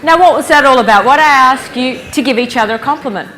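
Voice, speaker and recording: A woman giving a lively conference keynote, engaging the audience with stories and questions. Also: high voice, fast talker, some chatter behind, a little hiss or hum. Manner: lively, playful storyteller who engages the audience. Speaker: keynote speaker. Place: conference hall stage.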